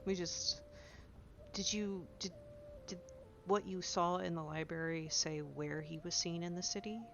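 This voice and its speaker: A woman playing a tabletop game, talking in a lively way over a dull home mic. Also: lowish voice, a little slow, vocal fry. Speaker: player. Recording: slightly dull lo-fi mic with faint noise.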